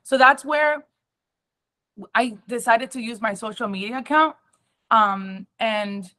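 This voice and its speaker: Young woman telling her story, halting. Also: on the high side, pushed and bright. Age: young adult. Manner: emotional, halting, with frequent ums and restarts. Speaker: speaker at an awareness talk. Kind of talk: personal testimony.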